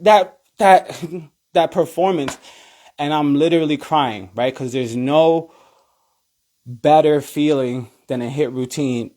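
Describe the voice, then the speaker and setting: A man in his thirties, a cheer coach, telling an energetic story and acting out his own thoughts in high voices. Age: 30s. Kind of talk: animated storytelling.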